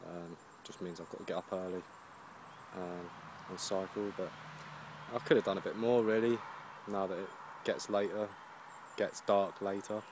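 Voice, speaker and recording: A worn-out young man from Jersey rambles through his day on a touring bike, filling the story with "and I was like". His voice sits on the low side. The outdoor camera recording carries a steady noisy hiss behind him. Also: normal speed. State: tired after a long ride. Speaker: touring cyclist vlogger. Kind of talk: casual spoken video diary. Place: outdoors at a roadside camp.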